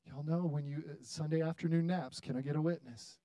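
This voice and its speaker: A man in his thirties preaching a sermon to his church, building to loud, dramatic appeals with long pauses. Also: on the high side, steady tone, no echo. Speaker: pastor. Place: church hall.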